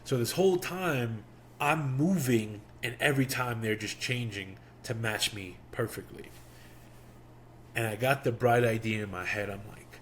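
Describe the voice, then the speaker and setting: A young man hosting a podcast, telling a personal story in a casual, animated way and acting out the quotes. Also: mid-range voice, a little slow, slight background noise. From Miami. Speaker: podcast host.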